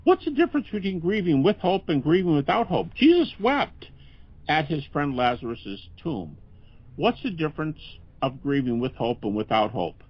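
A man's voice: on the high side, big pitch swings, normal speed. An older man, a guest scholar in a podcast interview, speaking earnestly and conversationally with frequent restarts. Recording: dull, lo-fi podcast audio.

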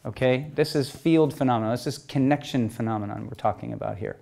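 A man gives a relaxed storytelling talk at an ordinary middle pitch. He acts out what people said as bits of dialogue. He keeps checking in with his listeners as he goes. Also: fast, creaky. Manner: keeps checking in with "okay?" and "you know?"; re-enacts exchanges as quoted dialogue. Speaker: speaker telling stories to an audience.

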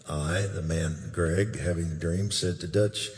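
Slow, low-voiced older man preaching. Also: steady tone. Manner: emphatic, with sudden loud bursts and questions to the crowd. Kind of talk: sermon, recounting a prophetic dream. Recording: long hall reverb.

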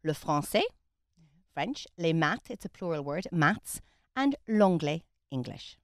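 A woman's voice: low voice, expressive, measured pace, no room sound, studio quality. Irish woman tutoring French pronunciation. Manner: explains patiently, models French pronunciation. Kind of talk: radio French lesson.

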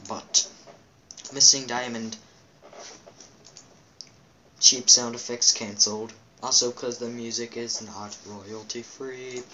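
Bright-voiced man doing jokey game commentary. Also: medium pitch, steady tone, takes it slowly, long pauses, low-quality recording. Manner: reads game captions aloud with goofy asides; makes playful quack and meow noises. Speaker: let's play host.

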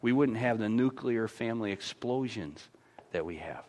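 A man's voice: fairly low pitch, expressive, moderate pace, a little mellow. A man pastor with an American accent, preaching a conversational sermon in a church with frequent stammered restarts.

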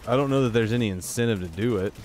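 A man's voice: on the low side, very fast, darkish tone, slight background noise. A tired man giving rambling, joking commentary to himself while playing a video game. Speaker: gaming YouTuber. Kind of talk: casual gameplay commentary.

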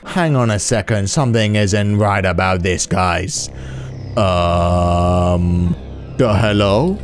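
A man hosting a gaming video, giving excitable let's-play commentary, swearing and yelling in reaction. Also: low-pitched, slow, faint music behind.

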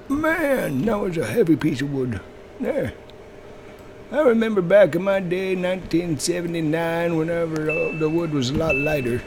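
A man's voice: fairly high pitch, noisy background, pitched above the performer's own voice. A man putting on the voice of a cranky old veteran grandpa who rambles about the old days.

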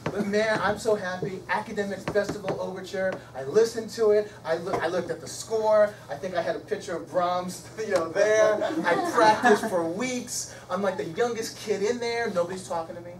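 A middle-aged man speaks as a guest in a storytelling lecture, swinging between loud excitement and quiet, hushed moments. He is picked up from a distance in a roomy, echoing hall. Clear background noise sits under his voice. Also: high voice, normal speed, few pauses. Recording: echoey hall from far off, noisy.

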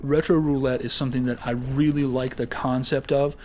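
A man's voice: mid-range voice, flat delivery, normal speed, a little mellow, a little hiss or hum. A man hosting a casual weekly gaming round-up, rambling and joking with lots of filler words. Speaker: gaming show host.

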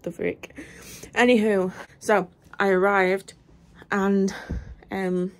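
A woman's voice: mid-range voice, little pitch movement, slow pace. A young woman vlogging in a casual rant, rambling and exasperated, often dropping to a whisper. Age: young adult. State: out of breath; tired.

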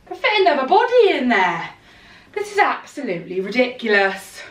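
A woman's voice: high-pitched, wildly swooping pitch, normal speed. A young woman chatting casually to camera in a try-on haul, outspoken and exasperated. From United Kingdom. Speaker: fashion vlogger.

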